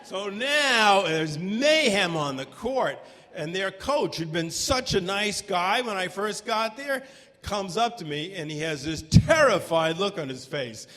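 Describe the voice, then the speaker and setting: A man telling a true story live on stage, animated and breaking into shouts at the tense moments. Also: sits high, unhurried. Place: stage before a live audience. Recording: long hall reverb from a live venue.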